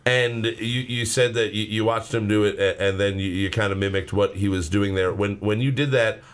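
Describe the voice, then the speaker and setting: A man's voice: fairly low pitch, steady tone, moderate pace, smooth. A man hosting a casual podcast, rambling and swearing as he tells stories. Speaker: podcast host. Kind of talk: casual chat.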